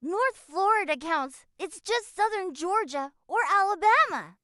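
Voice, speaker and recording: A computer-generated woman's voice, pitched very high, reads out chat messages in a flat, even cadence. The sound is dry and close, with no room around it. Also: unhurried, dry recording. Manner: flat, even machine delivery. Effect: text-to-speech voice. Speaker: text-to-speech chat reader. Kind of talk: synthetic reading of viewer messages.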